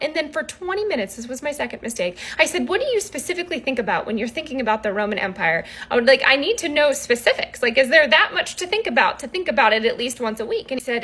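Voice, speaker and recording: Fast-talking animated woman vlogger. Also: high-pitched, slightly rough. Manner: animated, rambling, exasperated. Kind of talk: storytime monologue to camera.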